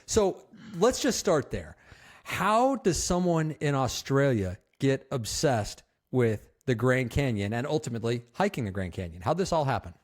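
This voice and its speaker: A man hosting a podcast, asking a guest questions in an enthusiastic, lively way. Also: medium pitch, normal speed. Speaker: podcast host. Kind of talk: interview and scripted intro.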